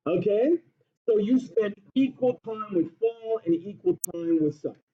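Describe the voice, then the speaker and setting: A male teacher giving a classroom lesson, teasing his students in a joking, animated way. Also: high-pitched, unhurried. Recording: dull lo-fi classroom recording.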